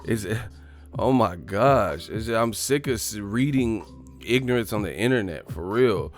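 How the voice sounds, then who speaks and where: Brief: boxing vlogger, lowish voice, profane casual rant, faint music behind. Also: male voice, expressive, normal speed. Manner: profane, rambling, exasperated. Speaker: boxing channel host. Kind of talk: casual ranting vlog.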